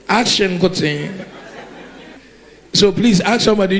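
A man preaching a sermon, lively and repeating words for emphasis as he calls out to the congregation. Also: high voice, a little slow, long pauses.

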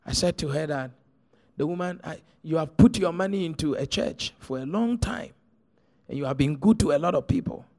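A middle-aged man, preaching a sermon as pastor, telling stories and swinging from hushed to shouted. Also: on the high side, gravelly.

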